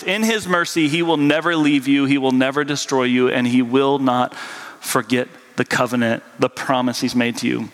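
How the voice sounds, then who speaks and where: Chatty higher-voiced man preaching in a hall. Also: a bit bright. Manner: chatty, peppered with "like" and "right?". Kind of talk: casual conversational sermon. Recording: long hall reverb.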